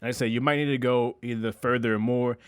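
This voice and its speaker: Young man, quick casual tutor voice, slangy and relaxed, dry close sound. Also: mid-range voice, smooth, no room sound. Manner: loose and conversational, with slang and restarts. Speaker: music production tutor. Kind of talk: casual screen-recorded tutorial.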